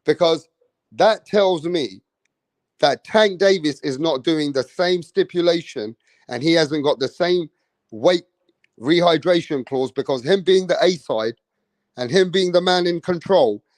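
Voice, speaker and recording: A man's voice: on the high side, a little slow, no room sound. Slangy man hosting a boxing stream. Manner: greets viewers by name with street slang. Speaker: boxing livestream host. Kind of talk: casual live stream chat.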